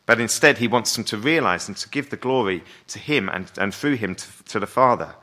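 A man's voice: lowish voice, fairly quick, pushed and bright. A man preaching a sermon in a conversational way, often asking his listeners rhetorical questions.

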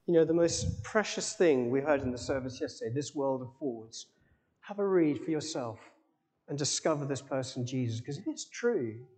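A man preaching a sermon, emphatic, with dramatic pauses and rising exclamations. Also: on the high side, darkish tone. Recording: long hall reverb.

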